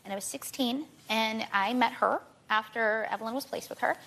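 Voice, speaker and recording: A young woman speaks as a talk show guest. Her voice sits a little high and crackles into fry, and the words tumble out in rushed, pleading bursts that circle back on themselves. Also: fairly bright tone. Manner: rushed, pleading, repeats herself. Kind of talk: emotional testimony on a talk show.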